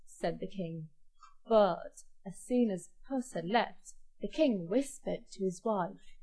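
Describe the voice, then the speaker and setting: A woman narrating a children's fairy tale in an expressive, clear storybook style. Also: mid-range voice, takes it slowly.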